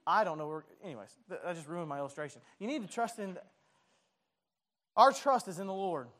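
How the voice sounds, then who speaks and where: A man's voice: high-pitched, brisk, fairly bright tone. A man, preaching in a loose, conversational way. He pokes fun at himself and trips over his words, repeating them as he restarts his thoughts. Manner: conversational, self-deprecating, stumbling restarts. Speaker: pastor. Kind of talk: sermon.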